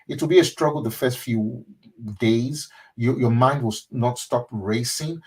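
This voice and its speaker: Man, pastor, motivational webinar speaker; earnest and repetitive, mid-pitched, shifting to hushed intimate delivery. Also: slightly rough, poor audio. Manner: earnest, repetitive, mimics loud praying then drops to a soft intimate tone. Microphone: webinar microphone.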